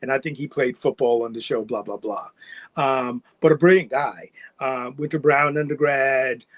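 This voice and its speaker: A middle-aged man from New York, a guest actor telling his story in a relaxed, rambling way and laughing often. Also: medium pitch, moderate pace, no room sound. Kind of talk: casual interview storytelling.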